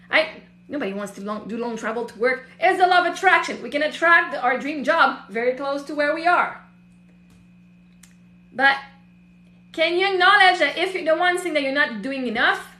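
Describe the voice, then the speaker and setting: Middle-aged woman coach, high and bright voice, blunt and animated, recorded in an echoey room. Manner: blunt, swears freely, animated storytelling. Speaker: host, emotional healing coach. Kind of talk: casual motivational talk.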